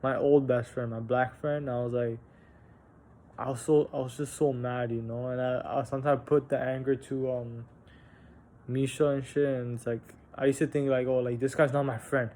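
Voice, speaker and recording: A young man casually telling a personal story on a vlog, halting and candid, with frequent restarts, fillers and casual swearing. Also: mid-range voice, flat delivery, mellow, a little hiss or hum. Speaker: vlogger.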